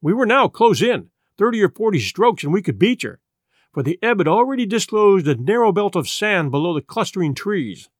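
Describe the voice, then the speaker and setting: Male audiobook narrator, measured and even, light-pitched voice, dry close sound. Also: no room sound. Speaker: audiobook reader. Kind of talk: scripted narration.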